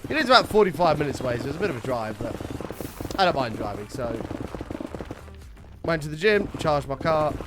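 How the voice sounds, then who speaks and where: A man's voice: on the high side, sing-song, a little fast, pauses often, background noise. A man chatting casually to his stream audience, telling a rambling story with a lot of swearing. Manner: rambling anecdote, frequent swearing.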